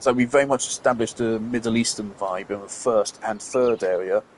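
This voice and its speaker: A man's voice: on the low side, normal speed, slight background noise. A man giving let's play commentary over a game, swearing freely and ranting in exasperation. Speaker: gameplay commentator.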